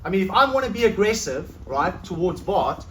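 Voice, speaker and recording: A man's voice: sits high, sing-song, fairly quick, sharp tone, a little hiss or hum. A middle-aged man coaching a self-defense seminar, talking conversationally and checking in with the class again and again. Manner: conversational, checks in with "right?" constantly. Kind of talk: seminar teaching. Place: training hall at a seminar. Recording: echoey hall, mic from far off.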